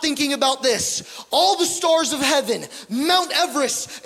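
A high, lively-voiced man preaches with deliberate, unhurried delivery. He swings from loud pleading to near-hushed moments and drops in joking asides. His voice rings with long reverb through a big hall. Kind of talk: sermon.

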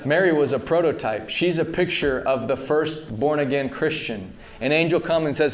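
A man in his thirties preaching a sermon, talking casually to the congregation and building to loud, impassioned peaks. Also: mid-range voice, normal speed. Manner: rising to loud impassioned peaks, calls to the audience.

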